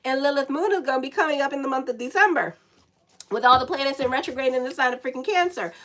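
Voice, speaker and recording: Woman astrologer, sick, slightly high voice, chatty, cussing asides. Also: lively intonation, fast, a bit bright, rough recording. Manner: chatty, swears and laughs at her own asides. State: sick, dry lips. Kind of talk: casual horoscope reading.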